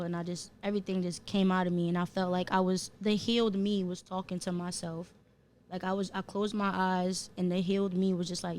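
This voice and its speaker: A woman's voice: lowish voice, level tone, fairly quick, a little mellow. A woman with a New Jersey accent, a podcast guest in casual chat, telling an emotional story in slangy talk.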